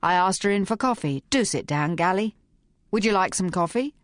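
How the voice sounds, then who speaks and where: A woman putting on a gruff, barking spinster. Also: medium pitch, lively intonation, moderate pace, no room sound, studio quality, close to an everyday voice. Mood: dry. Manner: brusque, clipped, barking. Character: gruff, blunt middle-aged woman writer.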